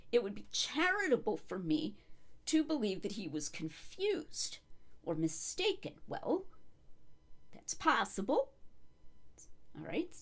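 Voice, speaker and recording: Lively, emphatic woman making an argument. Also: medium pitch. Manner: emphatic, argumentative, carefully reasoned. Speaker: video commentator. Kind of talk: solo commentary monologue.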